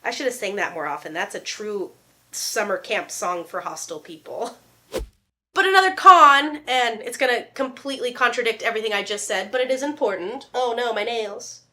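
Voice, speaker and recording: A woman in her thirties chatting casually to camera as a vlogger, animated and jokey, with playful asides. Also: fairly high pitch, moderate pace. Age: 30s. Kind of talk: casual chat.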